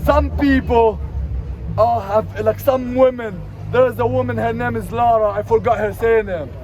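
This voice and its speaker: Man with a high voice shouting at a street protest. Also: normal speed, muffled recording. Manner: emotional, rising to shouting. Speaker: protest speaker. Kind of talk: impassioned street protest speech. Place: outdoor city street protest. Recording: outdoor crowd noise. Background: crowd of protesters.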